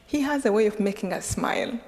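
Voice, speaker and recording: A woman from Rwanda, giving an animated public talk as a guest speaker and laughing often. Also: mid-range voice, brisk. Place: large hall with an audience. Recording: long reverb of a large lecture hall.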